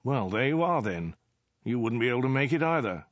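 A man's voice: mid-range voice, sing-song, a little fast, no room sound, lo-fi sound, pitched above the performer's own voice, natural voice. A man voicing a self-absorbed male warlord king who rambles through vague excuses with mild hesitations, in a storybook reading. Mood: dithering.

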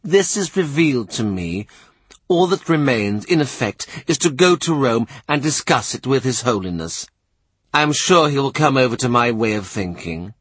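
A man's voice: medium pitch, sing-song, moderate pace, breathy edge, no echo. Storybook role: a zealous small priest, put on by a man, rapturous and preachy. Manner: ecstatic, self-assured preaching.

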